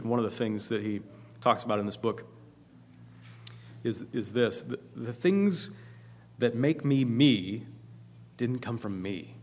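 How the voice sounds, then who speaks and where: A man preaching a sermon in an earnest, emphatic way, often repeating himself for emphasis. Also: medium pitch. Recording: long hall reverb.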